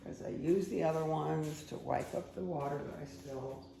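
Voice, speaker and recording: Croaky woman chatting with viewers. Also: sits low, moderate pace, mellow. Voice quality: croaky, dry throat. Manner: rambling, friendly asides to the audience. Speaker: meditation and tarot host. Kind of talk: casual chatty talk to viewers.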